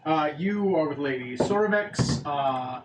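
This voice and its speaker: A man narrating as game master in a casual, halting way, with frequent fillers. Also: a little high, lively intonation. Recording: echoey room with faint ambient noise.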